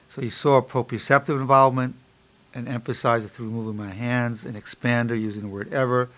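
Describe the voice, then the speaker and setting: Gravelly emphatic man in his sixties lecturing. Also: mid-range voice, steady tone, a little hiss or hum. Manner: repeats affirmations slowly and softly during exercise. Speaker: psychologist lecturer. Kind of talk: instructional lecture with guided exercise.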